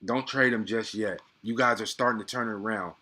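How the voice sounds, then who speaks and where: Bright excitable young man calling a game. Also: fairly low pitch, fairly quick. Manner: excitable, slangy, chatty with viewers. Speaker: live play-by-play streamer. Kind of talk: casual live play-by-play commentary.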